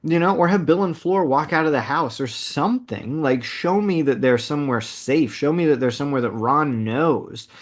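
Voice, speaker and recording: A man co-hosting a casual movie podcast, talking in an animated, emphatic way and often repeating words as he starts a sentence. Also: a little high, moderate pace, hardly any pauses. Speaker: podcast co-host.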